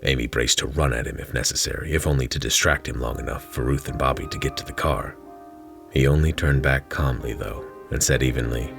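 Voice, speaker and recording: A man narrates his own fantasy short story with a dry, wry delivery. His voice is extremely low and gravelly. Faint music plays beneath the reading. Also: steady tone, fairly quick.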